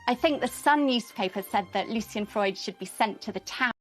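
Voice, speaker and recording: Measured woman historian interviewee. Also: a little high, faint music behind, poor audio. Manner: measured, informative. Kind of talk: documentary interview.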